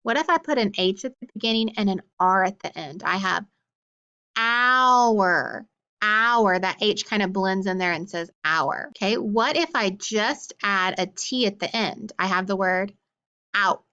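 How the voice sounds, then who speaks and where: A woman teaching a phonics lesson, slowly sounding out words and praising often. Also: mid-range voice, pushed and bright, dull audio. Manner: encouraging, slow sounding-out of words.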